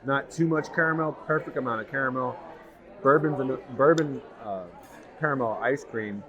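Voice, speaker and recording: The recording is muffled as a man with a mid-range voice, at a moderate pace, vlogs a food review in a restaurant. He's enthusiastic and raves about every bite, with crowd chatter behind him.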